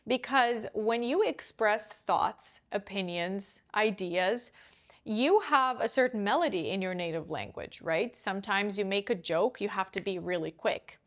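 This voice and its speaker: A woman's voice: medium pitch, lively intonation, measured pace. A young woman giving a casual pronunciation lesson to camera, chatty and often checking in with the viewer as she explains. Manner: chatty, often checks in with "right?" and "you know". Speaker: English pronunciation coach.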